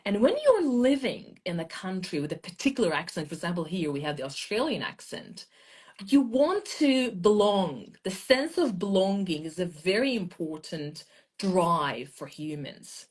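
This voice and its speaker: A woman's voice: lowish voice, moderate pace, breathy edge. A woman from Iran, a language teacher, explaining her views as a guest in a casual interview over a video call. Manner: explanatory, expressive.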